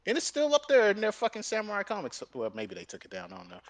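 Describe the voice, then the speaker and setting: Animated, high-voiced man ranting. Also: fast talker. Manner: animated, profane, acts out both sides of arguments. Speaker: gaming and art channel host. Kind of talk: casual storytelling rant.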